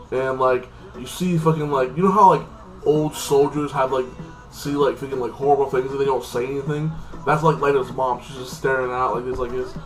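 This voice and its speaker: A TV episode reviewer gives a loose, rambling, repetitive recap, stacking up fillers, especially "like this." His voice is mid-range, and the recording is rough.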